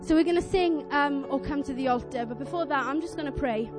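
A young woman preaching a sermon, telling a story in a chatty, earnest, animated way and acting out voices. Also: sits high, brisk, over music. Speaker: lay preacher.

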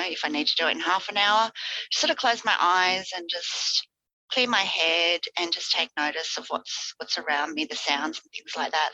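A woman co-hosting a podcast, talking in a relaxed, rambling way and often repeating herself. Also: lowish voice, no room sound, poor audio. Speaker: podcast co-host. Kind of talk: casual chat.

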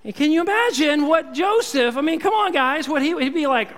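A man preaching a sermon as a pastor, lively and acting out the people in the story. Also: very high voice, brisk, few pauses. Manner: animated, acts out quoted voices. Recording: long hall reverb.

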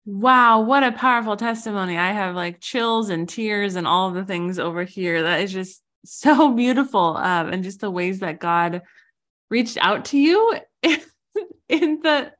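A woman hosting a faith podcast, speaking in a warm, encouraging way as she affirms her guest. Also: mid-range voice, expressive, unhurried. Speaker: podcast host. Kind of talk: casual interview chat.

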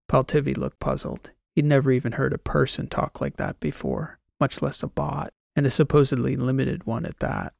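A male audiobook narrator with a deeply gravelly voice. He tells the story steadily and plainly, in a dry, close recording. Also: level tone, normal speed, hardly any pauses, a little mellow, no room sound. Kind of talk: scripted narration.

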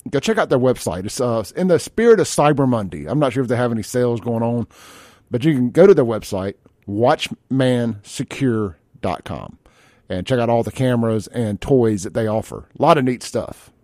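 A man's voice: medium pitch, animated, moderate pace, darkish tone, no room sound, studio quality. A man hosting a conservative morning talk radio show, brash and joking, reading live ads in between. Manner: brash, joking, offhand, reads live ad copy. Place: radio studio. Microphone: studio microphone.

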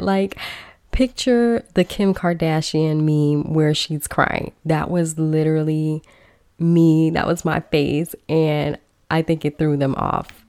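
A woman's voice: sits low, flat delivery, slow pace, darkish tone, clear, resonant tone. A woman podcast host telling a personal story in a casual, chatty way, talking straight to her listeners.

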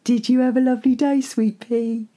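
A woman's voice: on the high side, steady tone, normal speed, dark tone, voice pushed up, natural voice. A woman voicing a condescending young husband and father, proud of himself, in a story reading. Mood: doting.

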